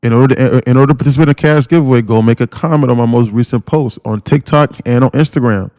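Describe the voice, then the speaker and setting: A man giving live day-trading commentary on a stream, talking in an animated, emphatic way that keeps repeating and restarting phrases. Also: medium pitch, fast, no room sound.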